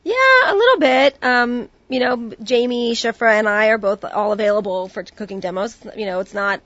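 A woman's voice: a little high, moderate pace, dry recording, highs cut off. A woman guest on a radio talk show, chatting in a friendly way with many fillers. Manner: friendly, talkative, many fillers like "you know". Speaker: guest, food website editor. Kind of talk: casual chat.

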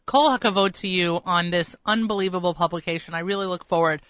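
A woman's voice: lowish voice, steady tone, fast talker, a bit bright, no echo. A woman hosting a radio interview show, speaking with effusive enthusiasm. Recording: dry, slightly dull lo-fi sound.

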